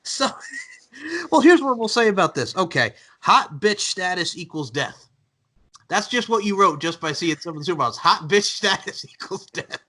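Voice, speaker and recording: A man's voice: high voice, sing-song, normal speed, pushed and bright. A man hosting a podcast in casual chat, rambling with lots of likes and laughing often. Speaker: podcast host.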